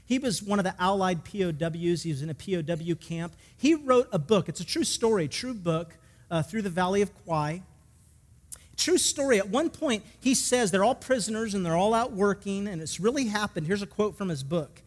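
A man's voice: high-pitched, lively intonation, moderate pace, long reverb tail. A male pastor preaching a sermon emphatically, asking the congregation questions and telling a story.

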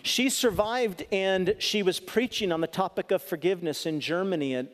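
High-voiced preacher in a reverberant hall. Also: male voice, moderate pace. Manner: storytelling preacher, shifts from loud punchy lines to soft earnest asides. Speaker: pastor. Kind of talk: sermon.

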